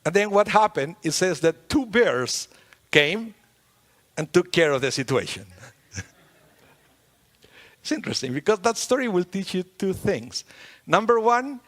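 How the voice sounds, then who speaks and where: A man giving a sermon as a rabbi, talking in a conversational, lively way with playful humor. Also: high-pitched, measured pace, long pauses. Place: synagogue sanctuary. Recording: long hall reverb in a large sanctuary.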